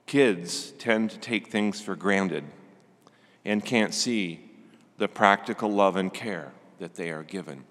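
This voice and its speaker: Slow older man preaching, churchy reverb. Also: low voice, a bit bright. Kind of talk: sermon.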